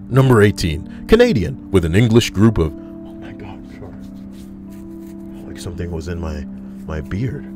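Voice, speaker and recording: Speaking at a moderate pace in a low voice, a man reads stories for a video into a desk mic. Soft music plays underneath as he curses and tosses in conversational asides.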